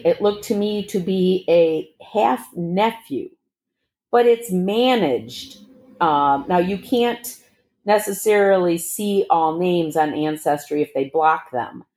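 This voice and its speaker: A middle-aged woman telling her own story as a guest, animated and acting out the dialogue with big leaps in pitch. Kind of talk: personal storytelling.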